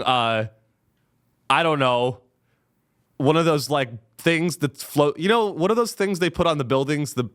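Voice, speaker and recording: A man's voice: a little high, a bit bright. A young man hosting a comedy podcast. He sounds caffeinated and rambles through a profane monologue, full of restarts.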